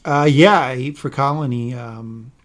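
A man with a mid-range voice co-hosting a casual TV review podcast. He talks in a hesitant, roundabout way, often restarting sentences and filling pauses. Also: mid-range voice. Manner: hesitant, many fillers and restarts. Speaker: podcast co-host.

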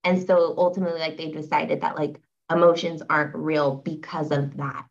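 A woman's voice: low voice, flat delivery, normal speed, gravelly. A young woman guest on a podcast, chatting casually with lots of fillers as she tells a story. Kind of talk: casual interview chat. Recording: dull, slightly lo-fi audio.

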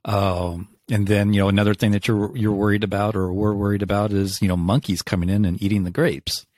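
A man hosts a casual podcast chat with a lowish voice. He backs up his guest with short agreements and asks questions in stops and starts. The sound is dry, with no room in it. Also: little pitch movement, brisk, a little mellow, dry recording. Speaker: podcast host. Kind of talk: casual interview.

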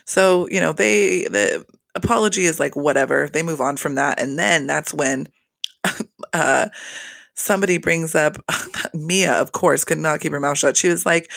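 A gravelly-voiced man dishes on a reality TV episode in a loose, gossipy recap, cursing freely and laughing along. He slips into exaggerated voices for the cast's lines. The sound is dry and close, with no room around it. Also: fairly high pitch, normal speed, a bit bright, no room sound. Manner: gossipy, heavily profane, laughs often.

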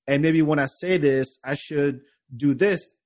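A man's voice: on the high side, a little slow, a little mellow. A man with a French accent, English not his first language, hosting a casual podcast chat and talking in rambling bursts with many restarts. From France. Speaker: podcast host.

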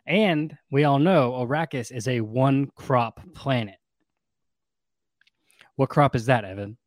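A man hosting a casual podcast about a book, retelling it in an animated way and laughing often. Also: medium pitch, a little slow, dry recording. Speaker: podcast host.

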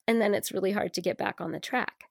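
A woman talks through a book with a co-host in an earnest, casual way, full of fillers and quick restarts. Her voice sits at a middle pitch for a woman. The sound is dry and close, with no room around it. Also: creaky, no room sound.

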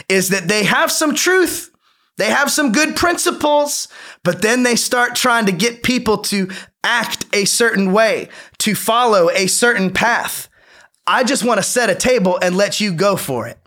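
A man's voice: high-pitched, sharp tone. A man hosting a meditation course on a livestream, talking in a loose, playful, slangy way with frequent restarts. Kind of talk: casual Instagram Live talk.

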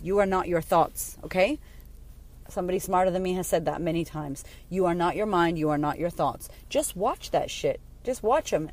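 A woman's voice: mid-range voice, darkish tone. A woman in her thirties hosting a podcast for mothers, talking casually and bluntly, swearing freely as she tells stories. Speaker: podcast host and mom coach. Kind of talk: casual talk to listeners.

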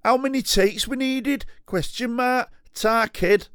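A man voicing a cocky young male lout with a Manchester accent, reading out a comment loudly and brashly, punctuation and all. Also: very high voice, slow pace, smooth, no room sound, studio quality, pitched above the performer's own voice. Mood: mocking. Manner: brash, loud, mocking punctuation.

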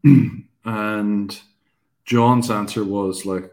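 A man's voice: deep voice, little pitch movement, normal speed, darkish tone. A man co-hosting a podcast in casual conversation about faith, joking at his own expense and then turning earnest. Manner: jokey and self-deprecating, then earnest. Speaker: podcast co-host.

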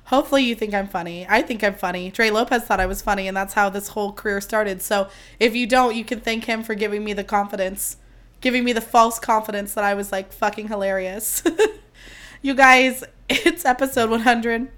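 A woman hosting her podcast solo, chatting casually and mocking herself, her voice strained and squeaky. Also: steady tone, brisk, a bit bright. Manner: chatty, self-mocking, swears freely. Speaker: podcast host.

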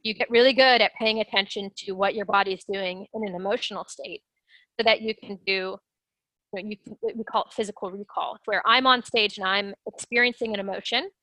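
A woman speaking as an interview guest, explaining things in an animated way and acting out her own inner voice. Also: medium pitch, fairly quick, no echo, rough recording. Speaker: guest, sales development rep. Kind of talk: conversational interview.

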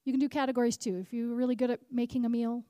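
A woman preaching at a conference, animated, repeating key lines and asking the crowd questions. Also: on the high side, very fast, no room sound, studio quality. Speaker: conference speaker. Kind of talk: sermon.

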